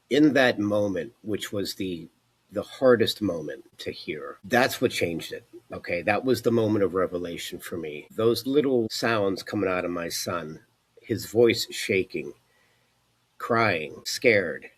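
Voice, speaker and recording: Male, 40s, deep husky voice, earnest personal testimony with a reflective, plain delivery. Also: animated, measured pace. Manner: earnest, reflective, many "you know" fillers. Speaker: fitness coach telling his story.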